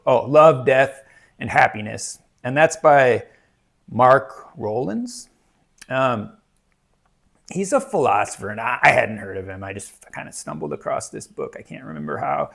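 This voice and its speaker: A man's voice: medium pitch, lively intonation, a little slow, creaky, fairly bright tone. A man chatting casually about books, rambling with many fillers and restarts. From United States. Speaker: book reviewer. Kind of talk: casual book chat.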